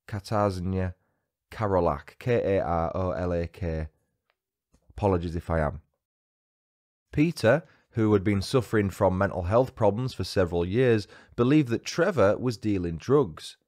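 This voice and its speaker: A man's voice: lowish voice, darkish tone. A man hosting a true crime podcast, reading a scripted story with dry, wry asides.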